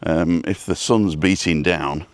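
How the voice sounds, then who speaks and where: A man with a low, deep voice chats away casually on a live stream while walking down a street outdoors. He rambles, greets viewers by name, and talks into a phone held on a selfie stick. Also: fairly even intonation, measured pace, no echo. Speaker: vlog host.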